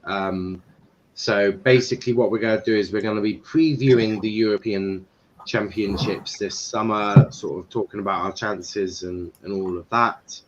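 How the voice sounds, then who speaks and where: A young man hosting a football watchalong stream, easygoing and hesitant with plenty of pauses. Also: lowish voice, steady tone. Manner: easygoing, hesitant, lots of ums. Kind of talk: casual live stream chat. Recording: dull lo-fi stream mic, faint noise.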